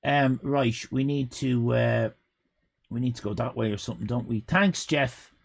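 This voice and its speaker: An Irish man in his fifties, a live streamer shouting mock-outraged, swear-filled banter at his chat, his voice going hoarse. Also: medium pitch, normal speed. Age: 50s.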